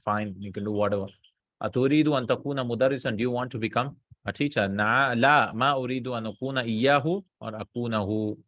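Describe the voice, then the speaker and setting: A man teaching Arabic grammar in a casual class, explaining slowly and often checking with students. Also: medium pitch, a bit bright, dry recording.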